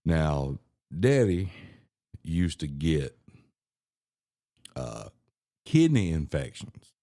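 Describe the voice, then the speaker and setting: A man's voice: extremely low pitch, big pitch swings, drawn-out words, gravelly, dark tone, no room sound, clean studio sound. A man on a podcast telling a casual, profane family story, laughing and acting out what people said. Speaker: podcast co-host.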